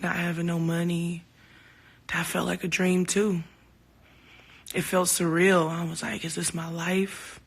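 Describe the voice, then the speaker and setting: A woman with a fairly low, creaky voice chats with fans over a phone-camera livestream. She's candid and heartfelt, swears freely, and animatedly tells stories full of quoted back-and-forth.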